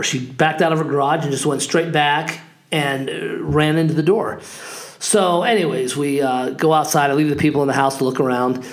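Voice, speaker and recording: A man's voice: a little high, creaky. A man in his forties, a real estate agent hosting a podcast, talking in a casual, upbeat and rambling way with lots of fillers. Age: 40s. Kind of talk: casual monologue.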